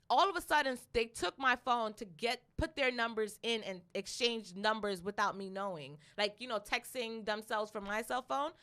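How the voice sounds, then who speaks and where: A young adult woman co-hosting a podcast, telling a story in a casual, animated way, with plenty of profanity and laughter. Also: fairly high pitch, smooth. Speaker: podcast co-host.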